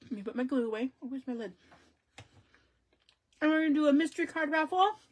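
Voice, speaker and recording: A woman's voice: high-pitched, expressive, brisk. Chatty woman hosting a crafting live stream. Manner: talks straight to viewers, venting with sudden loud exclamations and hushed asides. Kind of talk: casual live-stream chat.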